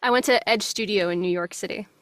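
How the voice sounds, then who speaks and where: A young voice actress with a subtle New Jersey accent chats casually as an interview guest, relaxed and friendly, laughing easily and talking fast in a mid-range voice. She records at home in a small closet studio on a good microphone, so the sound is very dry and close, with no room sound.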